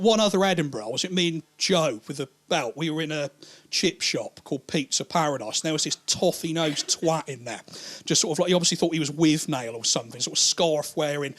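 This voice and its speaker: Animated, crude man telling stand-up stories. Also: on the high side. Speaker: stand-up comedian. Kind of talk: stand-up storytelling.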